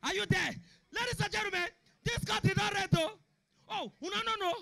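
A young man with a Nigerian Pidgin accent doing a stand-up comedy routine, shouting punchlines and acting out characters. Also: extremely high pitch, a little fast, creaky. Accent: Nigerian Pidgin English.

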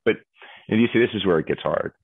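Low, husky man on a tinny line. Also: quick pace, no room sound. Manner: animated explainer acting out examples in quoted voices. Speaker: AI executive interviewed as guest. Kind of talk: explanatory interview talk. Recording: dry, tinny phone-like audio.

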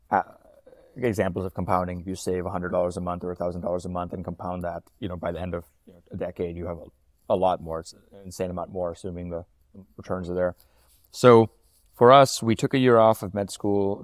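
Deep, flat-voiced man, a quick-talking guest. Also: no room sound, studio quality. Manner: quick and fluent, with frequent ums and uhs. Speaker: startup founder and CEO, guest. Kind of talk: casual interview talk.

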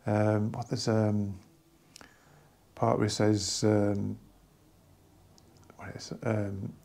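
A man casually talking through an album from his record collection, rambling and enthusiastic with many pauses and restarts. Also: fairly low pitch, flat delivery, creaky, dark tone. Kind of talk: casual hobby vlog.

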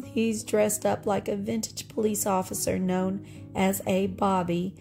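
This middle-aged vlogger has a mid-range, slightly mellow voice. She walks through her thrifted treasures in a warm, nostalgic show-and-tell, with frequent laughter.

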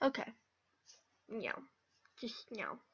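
A young woman chatters over her gameplay in a high, bright voice. She drawls along slowly, then breaks into squeals and quick whispered asides. The recording is dull and lo-fi. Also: wildly swooping pitch, slightly rough. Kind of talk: casual gameplay commentary. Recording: dull lo-fi mic.

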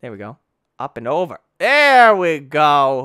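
A young man giving let's-play commentary, tired and yawning, breaking into excited yelps and shouts. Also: a little high, measured pace, smooth, dry recording, studio quality. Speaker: gaming YouTuber.

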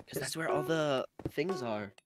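A man's voice: on the high side, a little slow. Jokey streamer guy chatting while gaming, some music in the back. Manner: joking, hyped, playful trash talk. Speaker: livestream host. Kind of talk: casual gaming livestream chat.

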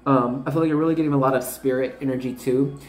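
A woman's voice: a bass voice, fairly even intonation, fast talker, darkish tone, echoey room. A woman in her twenties giving a casual, rambling tarot reading to her viewers, full of fillers and bubbly asides. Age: 20s. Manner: rambling, filler-heavy, bubbly and self-interrupting. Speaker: tarot reader.

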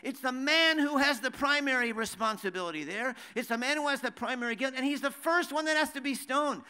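A man's voice: extremely high pitch, sing-song, brisk, few pauses, sharp tone, clear, resonant tone. A man teaching a sermon, conversational, with many rhetorical questions and restarts, reading verses in Hebrew and translating them. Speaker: Bible teacher.

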